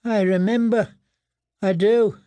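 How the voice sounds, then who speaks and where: A man voicing a broken, terrified male prisoner who whimpers and pleads in a thin, high voice while crying. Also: fairly even intonation, very slow, dry recording, heavily acted. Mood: tearful.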